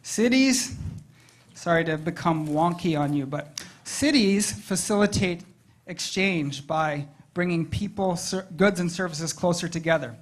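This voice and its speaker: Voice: mid-range voice, measured pace. Presenter at a public meeting: conversational, draws the audience in with questions. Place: meeting room.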